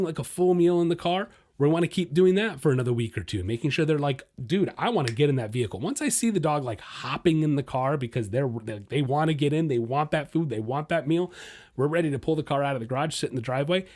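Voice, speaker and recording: A man hosting a dog podcast, giving casual, blunt training advice and talking straight to his listeners. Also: fairly high pitch. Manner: blunt, animated, talks straight to listeners as "guys"; acts out a dog's inner voice in quick asides.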